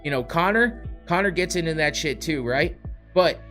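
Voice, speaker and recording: A man's voice: a little high, lively intonation, moderate pace, bright, forceful tone, soft background music. A man hosting a podcast, ranting in a heated, profane way. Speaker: podcast host. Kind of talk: casual podcast rant.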